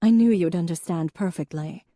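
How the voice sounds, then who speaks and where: A woman's voice: lowish voice, moderate pace, dark tone, dry recording, clean studio sound, close to an everyday voice. A woman voicing a poised, formal elder sister with a refined, precise manner.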